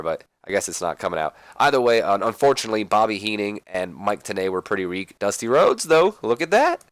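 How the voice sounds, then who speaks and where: A man with a fairly low voice narrating a wrestling sim let's play. He talks casually and rambles along, stuffing his sentences with fillers. The sound is dry and close, like a home setup. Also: fairly bright tone, no echo. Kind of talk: casual game commentary.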